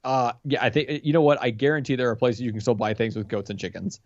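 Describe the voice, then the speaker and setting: A man's voice: mid-range voice, fairly even intonation, fast, no room sound, highs cut off. Teasing man reading out a quiz. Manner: teasing, amused quiz-asking. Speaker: podcast co-host, quiz master. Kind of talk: casual chat.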